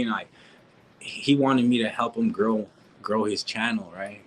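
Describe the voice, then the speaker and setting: A man's voice: lowish voice, a little slow, slight background noise, low-quality recording. Slangy man ranting live. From California. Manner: slangy, repetitive, full of restarts and "homie, dog" asides. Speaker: reaction streamer. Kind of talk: casual live-stream rant.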